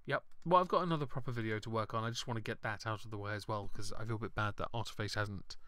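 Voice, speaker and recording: A man's voice: on the low side, rapid-fire, bright, forceful tone, no room sound. A man hosting a casual voice chat stream, chatty and wry, often giggling. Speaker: streamer host.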